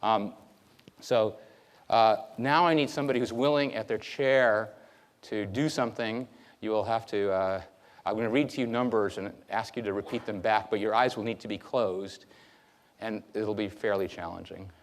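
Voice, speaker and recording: This male lecturer's lowish voice moves at a normal pace as he addresses students in a hall. His delivery is lively and chatty, with plenty of filler words.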